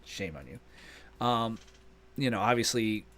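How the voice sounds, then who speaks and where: A man in the middle of a relaxed podcast chat, his pitch swinging widely as he tells a story. He talks like an animated storyteller, slipping into other voices whenever he quotes someone. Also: slow pace. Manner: animated storyteller, puts on voices when quoting. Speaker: podcast co-host. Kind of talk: casual chat.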